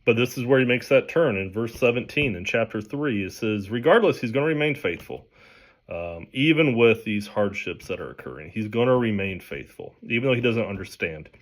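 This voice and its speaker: A man's voice: fairly low pitch, lively intonation, a little fast. Casual, conversational man teaching scripture. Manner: conversational, with frequent restarts and fillers. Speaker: pastor. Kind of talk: informal Bible teaching.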